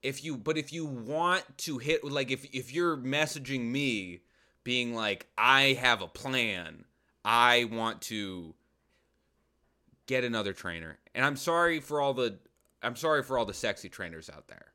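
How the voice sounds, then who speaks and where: A man with a bright, forward voice reads out listener questions and answers them with straight-faced nonsense. He drops into low mumbled asides and now and then jumps into a squeaky falsetto bit. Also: moderate pace. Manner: absurd deadpan advice, muttered asides, sudden falsetto jokes. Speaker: personal trainer. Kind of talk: comic advice podcast.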